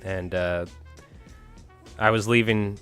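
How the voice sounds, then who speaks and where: Smooth-voiced man chatting on a live stream. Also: lowish voice, fairly even intonation, slow pace, fairly bright tone, faint music behind. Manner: rambling storyteller, chuckles often, talks to chat. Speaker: fly tying live-stream host. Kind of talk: casual live-stream chat.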